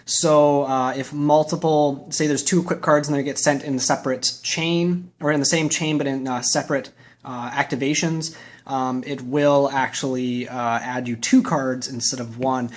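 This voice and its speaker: A man's voice: mid-range voice, steady tone, moderate pace. A man hosting his own channel, giving a casual, chatty and opinionated walkthrough of a card deck. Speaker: YouTube card game channel host.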